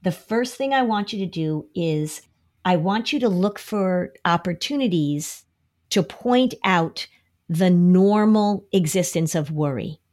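A woman's voice: fairly low pitch, lively intonation, unhurried, a little mellow. A woman explaining an approach to anxiety on a podcast in a conversational way, often acting out worried voices as quotes. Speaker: anxiety expert.

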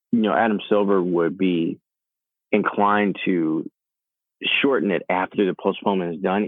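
On a tinny line that sounds like a phone, this podcast co-host talks sports casually in a low voice without any echo. His manner is relaxed and reflective, peppered with frequent "you know"s.

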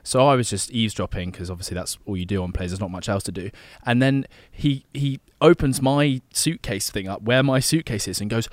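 A man's voice: lowish voice, brisk, no echo, clean studio sound. A young man co-hosting a podcast, chatty and supportive, mimicking people in his stories. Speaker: podcast co-host. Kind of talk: casual podcast chat.

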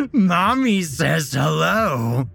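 A deep, gravelly male stalker with a maniacal grin in his voice, as a woman narrator puts him on. He taunts in a slow, drawn-out crawl, his raspy tone swooping up and down. It sounds like a horror audio story. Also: very animated, a bit bright, no room sound, exaggerated voice. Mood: taunting. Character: grinning menacing male intruder, maniacal.

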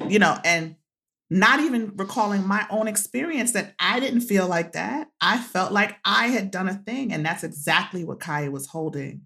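A woman's voice: medium pitch, animated, moderate pace, creaky, sharp tone. A woman guest telling a personal story in conversation, emphatic, repeating phrases for stress and laughing often. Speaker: guest, activist and author.

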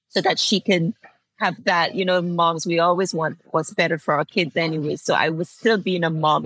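A woman's voice: fairly low pitch, fairly bright tone, low-quality recording. A woman in her forties from Antigua, telling a personal story as an interview guest in a heartfelt way, laughing through tears and restarting phrases. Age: 40s.

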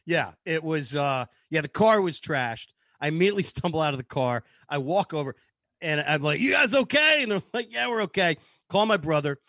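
A man, a co-host, relaxed and chatty as he tells a personal anecdote. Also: on the high side, brisk, dry recording, clean studio sound. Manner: laid-back anecdote teller. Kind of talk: casual chat.

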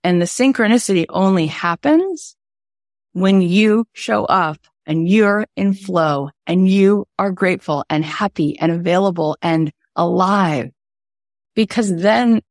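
Animated woman coaching, dry close sound. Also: mid-range voice, unhurried, no echo. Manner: animated storyteller, acts out quoted voices; earnest and inspirational. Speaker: podcast coach. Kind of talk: motivational online workshop talk.

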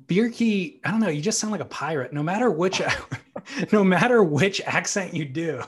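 A man co-hosting a casual surf podcast, relaxed and teasing, and keen when he praises a surfer. His voice sits slightly high. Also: normal speed, husky. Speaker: podcast co-host. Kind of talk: casual surf talk chat.

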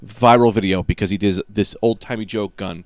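A man's voice: fairly low pitch, steady tone, dry recording. A man co-hosting a podcast, telling jokey stories in casual banter. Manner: rapid, storytelling, jokey. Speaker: podcast co-host.

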